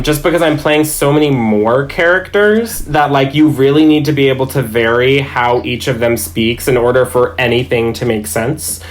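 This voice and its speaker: A man and dungeon master chatting as a podcast guest, telling stories in a rambling, self-amused way. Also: medium pitch. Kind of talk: casual chat.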